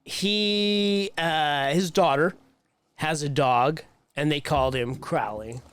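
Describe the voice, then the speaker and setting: A man's voice: a little high, slow pace, fairly bright tone, clean tone, no room sound. A man co-hosting a podcast in casual chat, joking and laughing often. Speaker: podcast co-host.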